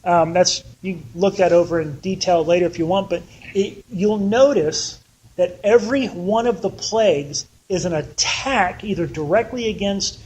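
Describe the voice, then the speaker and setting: A man's voice: sits high, normal speed, a little mellow, slight background noise, low-quality recording. A man teaching a casual Bible study, chatty and conversational, often acting out the people he quotes.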